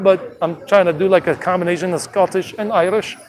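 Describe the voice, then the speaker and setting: A man's voice: sits high, fairly even intonation, a little fast, few pauses, slight background noise. A man hosting a casual travel live stream from an outdoor city street, talking loosely and restarting sentences often into a phone held at arm's length. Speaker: travel vlogger.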